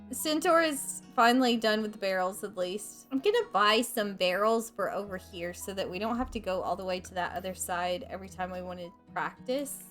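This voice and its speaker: A woman's voice: a little high, fairly bright tone. A woman hosting a let's play, talking chattily through her game, reading on-screen text aloud and reacting openly and emotionally. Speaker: gaming channel host.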